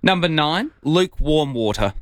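A man's voice: a little high, expressive, normal speed, a bit bright, no room sound. A man co-hosting a breakfast radio show, playful and teasing, given to mock indignation. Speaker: radio co-host. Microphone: studio microphone.

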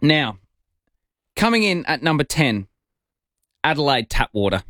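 A man's voice: a little high, big pitch swings, measured pace, fairly bright tone, dry recording. A man co-hosting a breakfast radio show, playful and teasing, given to mock indignation. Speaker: radio co-host. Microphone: studio microphone.

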